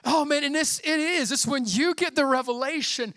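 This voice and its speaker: A middle-aged man preaching a sermon in a fervent, conversational way, often dropping to a hushed near-whisper. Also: extremely high pitch, moderate pace, no echo, studio quality. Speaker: pastor.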